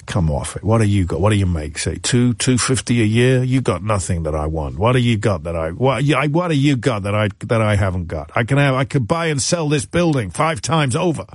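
A man's voice: on the low side, animated, a little fast, hardly any pauses, no echo. A man voicing a boastful male tycoon with a Welsh accent, first gleeful and then scornful.

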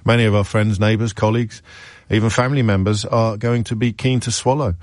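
Male radio host, lowish voice, dry studio sound, wry and rambling. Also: steady tone, fairly quick, no echo. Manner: chatty, wry, self-deprecating, many restarts. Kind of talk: radio phone-in chat.

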